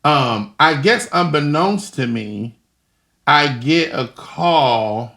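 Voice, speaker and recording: A young man being interviewed, telling animated stories and acting out the voices of people in them. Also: a little high, slow. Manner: animated, laughing, acts out voices in his stories. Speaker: guest. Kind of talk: casual storytelling interview.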